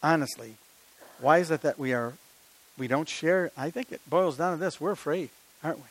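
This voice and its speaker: Older preacher, higher-pitched voice. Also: male voice, moderate pace, poor audio. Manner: conversational preaching full of rhetorical questions and personal stories. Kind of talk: sermon.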